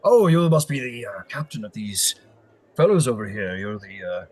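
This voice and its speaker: A man's voice: on the low side, sing-song, moderate pace, a little mellow, husky. Man voicing a shady male arms dealer, hesitant, eager to sell, tabletop game. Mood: wheedling.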